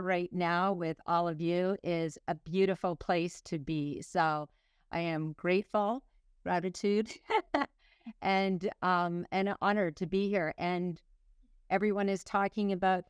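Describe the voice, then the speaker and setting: A woman's voice: fairly low pitch, clear, resonant tone, no echo, clean studio sound. A middle-aged woman from Canada, a former nurse speaking as a guest author, talking in an effusive, heartfelt way with frequent restarts. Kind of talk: emotional personal talk.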